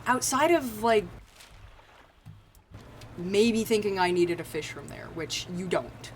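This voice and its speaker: Speaking slowly in an animated, medium-pitched voice, this American streamer offers casual gameplay commentary to her viewers. Her humor is self-mocking and foul-mouthed, full of chatter, swearing, and frequent laughter, with slight background noise.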